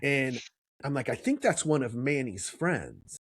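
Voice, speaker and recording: A man's voice: medium pitch, very animated, unhurried, breathy edge, no echo. A middle-aged man, a podcast co-host, telling a story in casual chat and acting out the voices he quotes.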